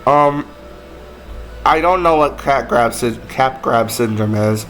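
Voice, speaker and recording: Young man, self-deprecating game commentary, unhurried, faint music behind. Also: medium pitch, a bit bright, poor audio. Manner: joking, self-deprecating asides with laughter. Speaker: gaming video creator. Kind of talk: casual gameplay commentary.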